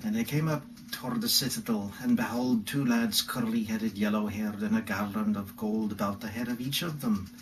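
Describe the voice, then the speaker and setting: A man's voice: mid-range voice, recorded from a distance, a little hiss or hum, lightly acted, rough recording. A man reading a medieval tale in a put-on Welsh accent, reciting long descriptive lists in a rhythmic, ornate way. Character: medieval Welsh storyteller man recounting an adventure.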